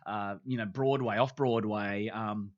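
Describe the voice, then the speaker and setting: A man's voice: fairly low pitch, a little slow, lo-fi sound. An Australian man in his fifties, a TV presenter telling stories about his career in a casual interview, acting out the dialogue. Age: 50s. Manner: animated storyteller, acts out quoted dialogue. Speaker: TV presenter, guest.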